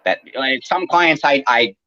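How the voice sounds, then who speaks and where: A man's voice: mid-range voice, lively intonation, a little slow, pushed and bright, no room sound, dull audio. A man who runs an aquarium maintenance business, chatting casually and explaining at length with plenty of fillers. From Canada. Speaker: aquarium maintenance service owner. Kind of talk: casual podcast chat.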